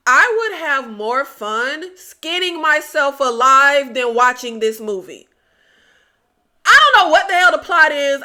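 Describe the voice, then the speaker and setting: Woman, film reviewer, casual chat, high voice, blunt, exasperated. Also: bright, forceful tone. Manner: blunt, exasperated, chatty with the viewers. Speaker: movie reviewer.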